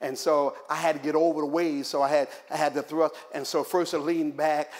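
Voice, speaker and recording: A male pastor preaches with a high-pitched voice and animated storytelling. He slips in humorous asides and drives points home through repetition. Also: fairly quick. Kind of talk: sermon.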